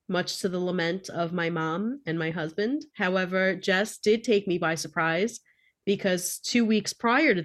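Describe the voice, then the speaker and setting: A woman co-hosting a podcast in casual chat, wry and self-deprecating, laughing as she tells stories. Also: fairly low pitch. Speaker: podcast co-host.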